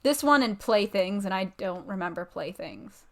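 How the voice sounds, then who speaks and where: A woman's voice: mid-range voice, animated, normal speed. Chatty young woman podcast co-host. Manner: chatty, interjecting with corrections. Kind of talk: casual chat.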